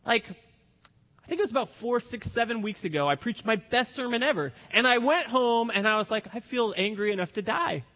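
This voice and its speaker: High, lively male pastor preaching. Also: moderate pace, in a large hall. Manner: animated, acts out the characters' lines. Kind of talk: sermon.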